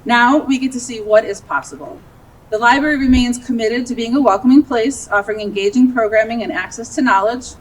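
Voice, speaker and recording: A woman's voice: fairly high pitch, a little fast, a little hiss or hum. A woman library director giving a ceremony speech outdoors, earnest and a little emotional, laughing at herself now and then. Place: outdoors at a groundbreaking. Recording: distant outdoor recording, faint ambience.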